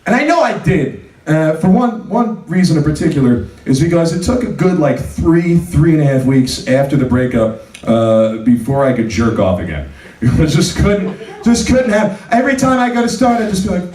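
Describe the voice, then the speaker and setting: A man with a high voice performs stand-up comedy on a club stage. He talks in a loose, conversational way that flares into loud rants. He is picked up from some distance, and the room's echo comes through. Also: animated, moderate pace. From New Jersey. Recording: roomy club sound, voice from a distance.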